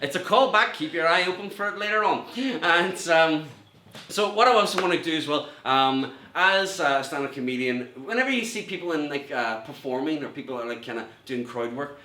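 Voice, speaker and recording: A man's voice: a little high, lively intonation, brisk, sharp tone. A middle-aged man with a Northern Irish accent doing a rambling, self-mocking stand-up set from home, laughing at his own jokes. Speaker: stand-up comedian. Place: room at home with a mirror. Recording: echoey room, faint noise.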